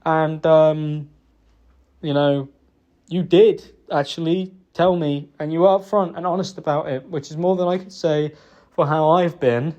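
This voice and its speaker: A young man apologising to his partner in a private talk, halting and remorseful, stumbling over fillers and swearing. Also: fairly high pitch, steady tone, darkish tone, lo-fi sound.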